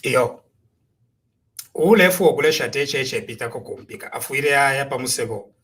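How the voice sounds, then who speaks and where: A man's voice: mid-range voice, animated, moderate pace, fairly bright tone. A man with a Zambian accent giving impassioned, preachy political commentary, full of rhetorical questions. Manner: preachy, rhetorical, switching between Bemba and English.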